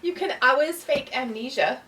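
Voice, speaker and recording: A woman's voice: high-pitched, expressive, moderate pace, a bit bright, distant mic, low-quality recording. A woman co-hosting a casual business chat in a playful, teasing way, often laughing. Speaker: co-host.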